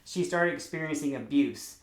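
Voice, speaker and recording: A man's voice: fairly high pitch, normal speed, reverberant. A man hosting an interview, affirming his guest and closing with motivational remarks. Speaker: interview host. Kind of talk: supportive interviewer.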